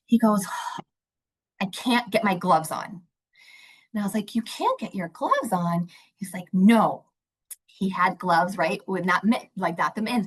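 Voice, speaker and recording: A woman's voice: mid-range voice, poor audio. A woman, a mental health director, giving a conversational webinar talk and telling stories from her work with children. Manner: warm, conversational, acts out a child's voice in anecdotes. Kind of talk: webinar presentation with storytelling.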